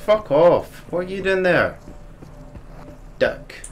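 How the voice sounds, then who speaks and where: A man talks over his gameplay in a slow, unhurried drawl, his pitch swinging widely as he curses at the game. He is plainly frustrated, firing off swear words and breaking into angry rants. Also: sing-song, faint music behind. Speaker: gamer streaming a VR game. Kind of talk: gameplay commentary.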